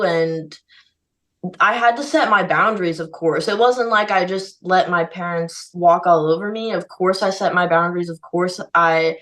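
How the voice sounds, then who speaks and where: In an unhurried, fairly low voice with a bit of brightness, a young woman speaks candidly and warmly as a guest in a conversational podcast interview, filling her talk with "like" and "you know." The low-quality recording picks her up from a distance.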